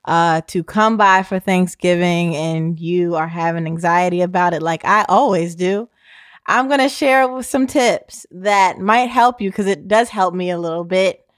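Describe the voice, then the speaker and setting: A woman's voice: fairly low pitch, measured pace, smooth, no room sound, studio quality. A woman co-hosting a podcast, giving playful advice in numbered tips and calling the listener "sis". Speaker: podcast co-host. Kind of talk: casual chat.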